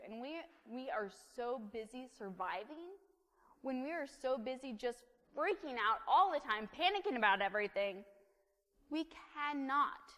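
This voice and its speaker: Bright high-voiced woman preaching playfully. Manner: playful, joking, conversational preaching. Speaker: pastor. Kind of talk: sermon. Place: church sanctuary. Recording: echoey church hall.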